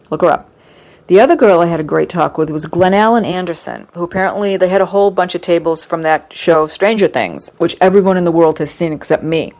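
A woman with a slightly low voice chats casually and at length. She rambles and gushes, with many pauses and fillers between her thoughts. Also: darkish tone. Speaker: vlogger recounting a fan convention. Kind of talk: casual chat.

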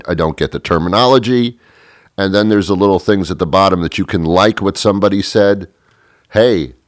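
A man ranting sarcastically in a comedic monologue, exasperated, often leaping into a shrill mock-outraged pitch. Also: dry recording, clean studio sound.

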